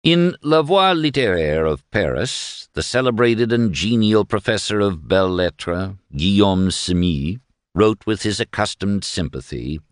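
A man narrating a novel as an audiobook reader, measured and expressive. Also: lowish voice, no echo, clean studio sound. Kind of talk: scripted narration.

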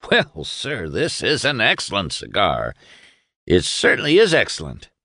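A man's voice: on the low side, wildly swooping pitch, normal speed, fairly bright tone, dry recording, clean studio sound, pitched above the performer's own voice, heavily acted. A man voicing a pompous, overly cordial young male lawyer with stiff, formal, senatorial speech in an audiobook reading.

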